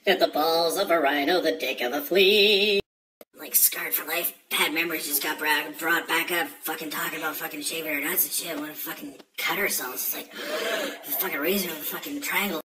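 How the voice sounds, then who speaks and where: A man's voice: on the high side, steady tone, normal speed, far from the mic, a crowd in the background, rough recording. A man ranting crudely into his phone, rambling and joking with constant swearing. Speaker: social media video maker. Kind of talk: crude casual rant to camera.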